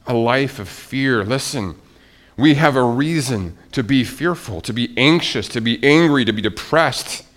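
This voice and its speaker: A man preaching a sermon to a congregation, swinging between soft, hushed lines and loud, emphatic ones. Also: medium pitch, lively intonation, moderate pace. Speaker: pastor.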